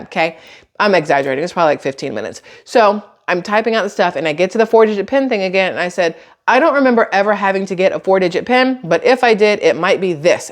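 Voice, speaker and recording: A woman telling a story to her viewers in a casual, exasperated, sarcastic tone, swearing now and then. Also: fairly low pitch. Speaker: YouTuber.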